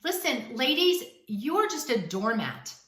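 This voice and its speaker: Blunt bright-voiced woman giving dating advice. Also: high voice, sing-song, measured pace, roomy sound, far from the mic. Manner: blunt, emphatic, acts out quoted dialogue. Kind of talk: direct-to-camera advice talk.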